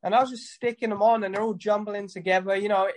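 A man's voice: sits high, steady tone, quick pace. A man, a tattoo artist, chatting in an interview and telling loose, sweary stories while acting out conversations. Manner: loose storytelling, swears, acts out dialogue. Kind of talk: casual interview chat.

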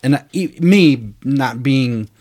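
A man's voice: medium pitch, expressive, slow, darkish tone. A man, a screenwriter, chatting casually on a podcast and telling a story, acting out quoted dialogue and swearing freely. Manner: profane, candid.

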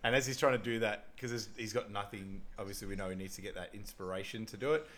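A man's voice: on the low side, fast talker, fairly bright tone. A man co-hosting a podcast, casually recapping a movie, rambling and laughing often as he acts out lines. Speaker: podcast co-host. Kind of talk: casual film recap chat.

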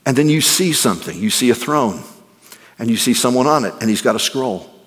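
A male pastor preaching a sermon. He swings between ringing exclamations and hushed, near-whispered passages. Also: mid-range voice. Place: church sanctuary. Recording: long reverb of a large hall.

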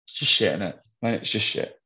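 A man's voice: fairly low pitch, pushed and bright, lo-fi sound. A young man chatting casually on a podcast, telling a story bluntly and swearing freely. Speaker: podcast co-host. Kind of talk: casual chat.

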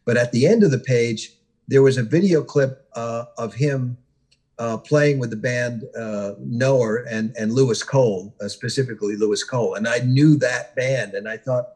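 Hoarse, husky man telling a story. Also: medium pitch. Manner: rambling, many pauses and uhs, warm storyteller. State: hoarse, losing his voice. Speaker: guest musician. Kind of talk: interview storytelling.

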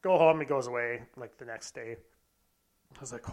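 A man's voice: medium pitch, a little fast. A young man casually telling a candid, profane, self-deprecating story about himself. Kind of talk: casual anecdote monologue.

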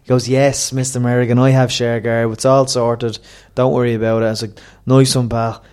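A man's voice: medium pitch, flat delivery, fairly quick, a little mellow, clear, resonant tone. A young man hosting a podcast, telling a story in casual chat, laughing often, with crude banter.

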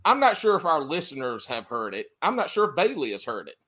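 A podcast host talks in relaxed chat, full of laughter and casual swearing. His voice sits a bit higher than most men's. It swoops up and down with real liveliness. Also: fast talker, husky. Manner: animated, laughs a lot, swears freely.

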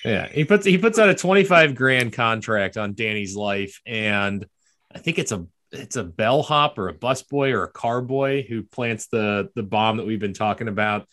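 A man co-hosting a casual movie podcast, recapping the plot in quick bursts and laughing often. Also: fairly low pitch, animated, a bit bright. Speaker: podcast co-host.

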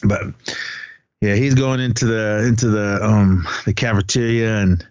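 A man's voice: fairly low pitch, fairly even intonation, unhurried, a little mellow, clear, resonant tone, no echo, muffled recording. A man co-hosting a podcast, chatting casually about a movie and his school days, rambling and laughing often. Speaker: podcast co-host.

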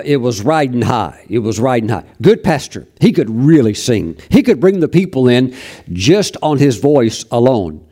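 A man's voice: mid-range voice, dark tone. A man preaching a sermon, telling stories from his ministry in a folksy, anecdotal way with frequent restarts. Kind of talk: sermon storytelling.

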